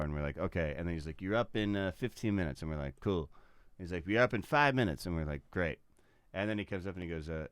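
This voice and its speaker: Low-voiced man telling a stand-up story. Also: expressive, brisk, fairly bright tone, smooth, no room sound, studio quality. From Chicago area. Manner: laughs often, swears freely, acts out other people's lines. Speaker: stand-up comedian guest. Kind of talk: casual podcast storytelling.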